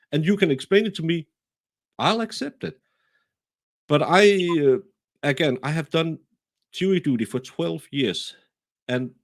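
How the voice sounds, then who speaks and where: A man with a Danish accent, talking through a case in a casual, animated, self-deprecating way, often restarting his sentences. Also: on the high side. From Denmark. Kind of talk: casual true-crime discussion.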